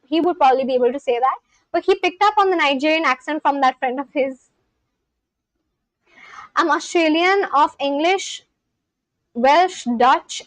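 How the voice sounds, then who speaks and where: A woman's voice: high voice, no echo, poor audio. A woman live-streaming, chatting casually with her viewers as she reads and answers their messages.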